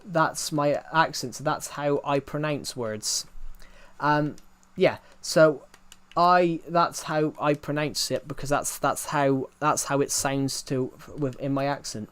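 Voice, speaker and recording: Speaking slowly, this young UK streamer has a higher, fairly bright and clean-toned voice. His accent is British but not London, and his casual game-stream talk rambles and repeats, full of "um" and "if you get what I mean."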